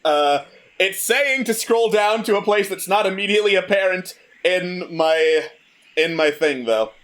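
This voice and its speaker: A man narrates the tabletop game as its dungeon master, taking his time over each line. His voice sits a little high for a man, and his delivery is dry and joking. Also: animated, a little slow, fairly bright tone.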